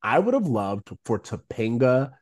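A man's voice: mid-range voice, a little slow. A man co-hosting a casual podcast, reacting to a TV episode and acting out quoted lines in voices. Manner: animated, acts out quoted lines in character voices. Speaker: podcast co-host. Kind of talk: casual rewatch podcast chat.

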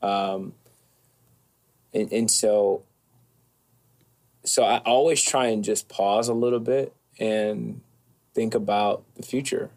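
A man speaking as an interview guest, calm and thoughtful, with occasional soft hesitations. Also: fairly low pitch, takes it slowly, pauses often. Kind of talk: reflective conversation.

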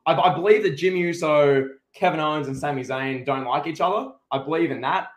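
Guy cohosting a wrestling pod, emphatic, kinda high voice, roomy echo. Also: brisk. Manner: opinionated, emphatic, many restarts. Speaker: podcast co-host. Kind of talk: casual wrestling recap chat.

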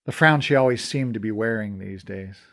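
A man narrating his own podcast novel in a measured storytelling manner. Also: lowish voice, fairly bright tone. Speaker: narrator and author. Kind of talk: scripted audiobook narration.

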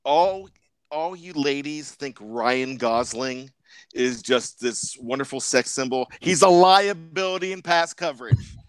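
A man's voice: mid-range voice, a little slow, clean tone, no room sound. A married man co-hosting a podcast, laid-back with a dry, joking sense of humor. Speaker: podcast co-host. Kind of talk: casual sports movie chat.

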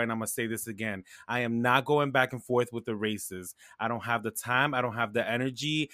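A man's voice: medium pitch, sharp tone, dry recording, clean studio sound. A man co-hosting a casual podcast chat, emphatic and sassy, repeating his points. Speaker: co-host.

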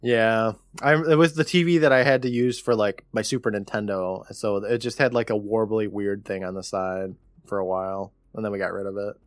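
A man's voice: on the low side, steady tone, brisk, few pauses, no room sound. A man co-hosting a podcast, casually recapping a TV episode and acting out the characters' lines in exaggerated voices. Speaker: podcast co-host.

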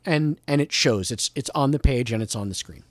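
A man's voice: medium pitch, brisk, dry recording. A man, a podcast guest, giving emphatic, opinionated takes in casual movie chat.

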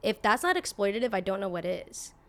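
Woman in her twenties, podcast host, casual opinionated monologue, blunt and fired up, average pitch. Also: very animated, a little fast, a bit bright. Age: 20s. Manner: blunt and indignant, with frequent filler "like" and casual swearing.

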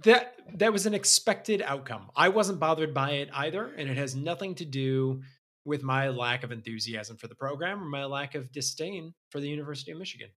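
A sports podcast co-host making dry, deadpan quips. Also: mid-range voice, brisk. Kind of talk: casual chat.

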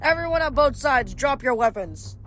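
A woman voicing a shouting, arrogant young male Roman leader in a storybook reading. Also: normal speed, faint music behind, lightly acted. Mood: commanding. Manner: bossy, shrill and scornful.

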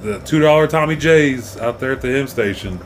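A man's voice: mid-range voice, normal speed, a little hiss or hum. A man, co-hosting a loose, swearing podcast chat and breaking into yelps and mock cheers. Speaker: podcast co-host. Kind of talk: casual stoned chat.

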